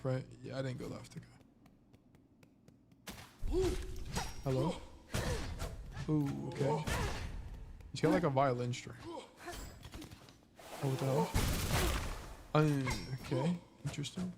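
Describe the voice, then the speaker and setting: A man streaming himself playing a game, thinking out loud in casual, rambling talk full of "like" and "you know". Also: mid-range voice, creaky, background noise. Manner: rambling, thinking aloud, lots of "like".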